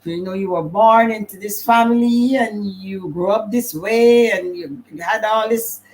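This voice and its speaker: A woman's voice: medium pitch, unhurried, darkish tone, rough recording. An older woman from Guyana with a Guyanese accent, telling stories in a casual livestream chat as the host's mother. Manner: storytelling, acts out quoted voices.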